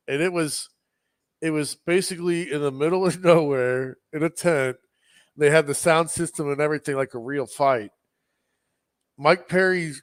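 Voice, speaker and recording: Animated, foul-mouthed man telling a story. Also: fairly high pitch, no echo, clean studio sound. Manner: animated storyteller, swears a lot, acts out quotes. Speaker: podcast co-host. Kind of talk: casual chat.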